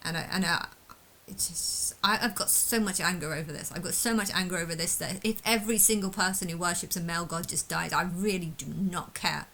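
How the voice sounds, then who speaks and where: A woman's voice: fairly low pitch, quick pace, few pauses, bright, forceful tone, rough recording. A woman talking alone to camera in an unscripted monologue, angry and distressed, ranting bitterly and swearing often. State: emotionally distressed. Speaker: vlogger.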